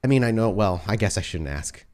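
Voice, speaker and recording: A man's voice: on the low side, expressive, a little fast, darkish tone, lightly acted. A man voicing a friendly, curious young woman who learns ballet, speaking hesitantly in a tabletop role-play. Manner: hesitant, trailing off.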